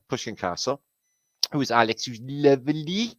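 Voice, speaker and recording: A man's voice: mid-range voice, animated, slow, a bit bright, dry recording, low-quality recording. A British man hosting a casual livestream, rambling in slang, swearing freely and chatting with viewers in a chummy way. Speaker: livestream host. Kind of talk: casual livestream chat, reading out viewer comments. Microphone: streaming setup mic.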